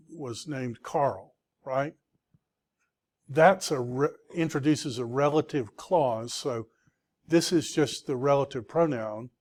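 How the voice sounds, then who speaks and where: A man's voice: mid-range voice, darkish tone. A middle-aged man teaching a Greek vocabulary lecture to students, patiently checking in with the class as he goes.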